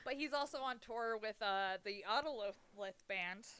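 A young woman talks in a loose, rambling way, laughing often as she goes. Her voice is bright and ringing, and smooth and clear all through. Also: on the high side, unhurried, no echo. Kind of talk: casual chat.

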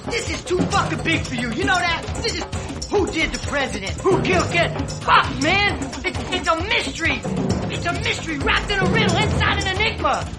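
A man's voice: very high voice, lively intonation, normal speed. An actor playing a jittery, paranoid male conspiracy theorist in a film scene, agitated and swearing. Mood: panicked. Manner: agitated, swearing, rising to panic. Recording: film clip with loud music underneath.

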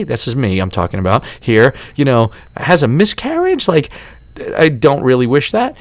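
A man in his forties hosts a podcast and rants in a casual, heavily profane, exasperated way. His voice is gravelly with a lot of vocal fry. He sits close to the mic in a dry room with no echo. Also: medium pitch, very animated, normal speed. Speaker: podcast host.

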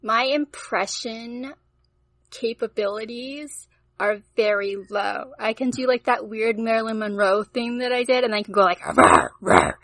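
Self-deprecating woman, slightly high voice. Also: fairly even intonation, unhurried. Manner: self-deprecating and laughing easily. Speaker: podcast guest. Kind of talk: casual chat.

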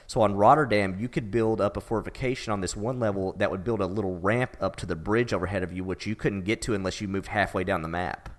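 A man's voice: lowish voice, fast, hardly any pauses. A man co-hosting a gaming podcast, talking casually and rambling with enthusiasm. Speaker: podcast co-host. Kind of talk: casual chat.

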